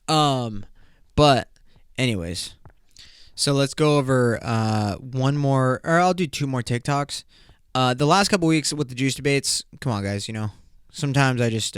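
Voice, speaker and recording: A man's voice: medium pitch, a bit bright, clear, resonant tone, dry recording, studio quality. A man hosting a podcast in loose, profane, joking casual chat. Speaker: podcast host.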